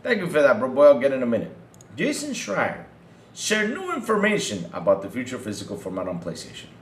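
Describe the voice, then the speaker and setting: A man of medium pitch speaks a little quickly; the recording sounds roomy and carries a slight hiss or hum. He hosts a gaming podcast, reading out news and reacting to it with animated ridicule, cursing, and remarks directed at his chat.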